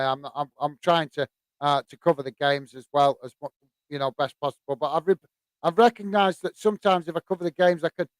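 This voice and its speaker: A man from the UK hosting a football live stream, chatting casually and reading out viewer comments, with many pauses, fillers and restarts. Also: on the high side, clean tone, dry recording. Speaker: host of a football channel.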